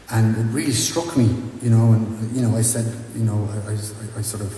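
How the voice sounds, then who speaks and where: A man with an Irish accent telling a rambling story from a concert stage, halting and full of restarts. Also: fairly low pitch, fairly even intonation, mellow, a little hiss or hum. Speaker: singer telling a story between songs. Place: large stone church, live concert. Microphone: stage vocal mic. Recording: echoey church hall, faint ambience.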